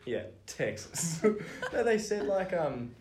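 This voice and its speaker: A woman's voice: on the low side, sing-song, slow pace, a little mellow, slight background noise. An Australian woman co-hosting a podcast, telling stories in casual chat with frequent laughter. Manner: laughs often, rambling storytelling. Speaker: podcast co-host.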